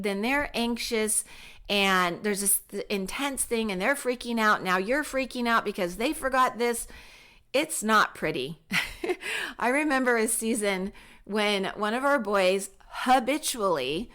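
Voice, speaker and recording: Middle-aged woman, parenting podcast host, upbeat and encouraging, fairly high voice, acts out quotes with big pitch jumps. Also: fairly bright tone.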